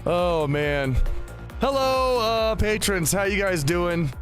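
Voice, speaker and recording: A man with a notably high voice hosts a laid-back podcast chat. He rambles in a friendly way, laughs easily and trips over his own restarts, with faint music behind him. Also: expressive, slow. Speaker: podcast host.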